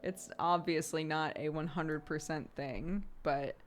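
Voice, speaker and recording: A woman streaming, chatting casually, laughing often and getting animated when she retells stories. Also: deep voice, unhurried, slight background noise. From United States. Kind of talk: casual livestream chat.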